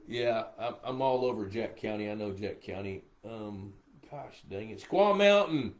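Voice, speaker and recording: A man's voice: fairly low pitch, level tone, moderate pace, darkish tone. Drowsy, rambling older man. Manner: rambling, reads viewer questions aloud, easily sidetracked. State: sleepy. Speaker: pond management expert hosting a live Q&A. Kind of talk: casual live-stream Q&A.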